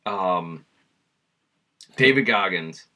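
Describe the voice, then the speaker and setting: A man co-hosting a podcast in casual chat, animated and quick to react with exclamations. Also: sits low. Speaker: podcast co-host.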